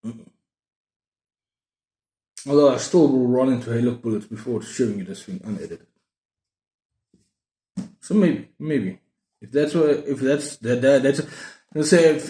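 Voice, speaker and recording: A man's voice: medium pitch, unhurried, pauses often, warm tone. A man in his thirties chatting casually about books in a rambling, self-mocking way, full of restarts. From South Africa. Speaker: book vlogger. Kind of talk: casual book-haul chat. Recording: roomy echo.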